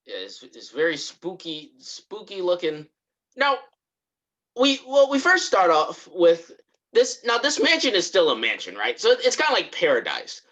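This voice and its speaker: A man's voice: high voice, a little slow, dull audio. A man co-hosting a podcast, casually recapping a TV episode and acting out what the characters say. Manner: animated storytelling, acts out characters' lines. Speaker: podcast co-host.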